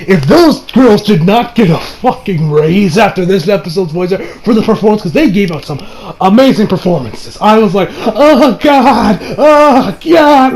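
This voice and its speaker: A young man giving a casual anime review, excitable and profane, often acting out his own shocked reactions. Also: high voice, poor audio. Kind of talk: casual video review rant.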